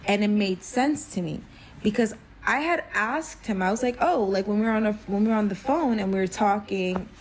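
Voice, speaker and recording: A young woman telling a personal story in casual storytime style, full of fillers, acting out quotes with big jumps in pitch and dropping to a whisper at tense moments. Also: moderate pace, a little hiss or hum. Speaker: storyteller vlogger.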